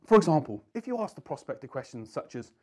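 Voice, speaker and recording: A man's voice: a little high, sing-song, quick pace, a little mellow. A man teaching sales skills in an earnest coaching tone, leaning on key words for emphasis. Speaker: sales trainer. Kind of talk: instructional talk to camera.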